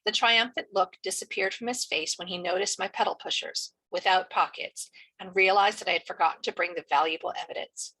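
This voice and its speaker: A woman teacher reading a novel chapter aloud in a steady storytelling manner. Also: on the low side, a little fast, few pauses, breathy edge, poor audio.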